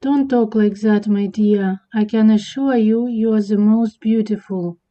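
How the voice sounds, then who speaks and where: A woman's voice: mid-range voice, steady tone, measured pace, warm tone, lightly acted. A woman voicing a doting cartoon husband who sweet-talks and reassures his wife. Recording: dull lo-fi recording.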